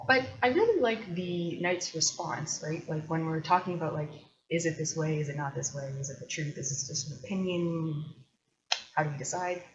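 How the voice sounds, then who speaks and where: Low-voiced woman musing casually, lo-fi. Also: moderate pace, a crowd in the background. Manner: chatty and thoughtful, with loose asides. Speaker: host. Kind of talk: casual solo commentary. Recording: dull lo-fi recording.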